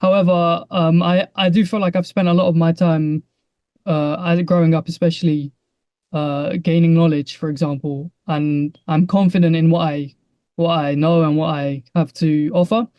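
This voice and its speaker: A man's voice: on the high side, steady tone, moderate pace, smooth, no echo, dull audio. A young man, a guest on a podcast, speaking hesitantly with restarts and admitting he rambles. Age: young adult. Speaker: guest, 3D environment artist. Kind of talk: podcast conversation.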